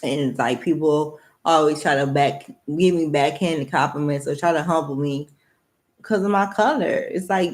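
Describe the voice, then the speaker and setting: A woman's voice: low-pitched, normal speed. A young adult woman giving a candid personal monologue to camera, blunt and rambling, with heavy swearing. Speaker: vlogger.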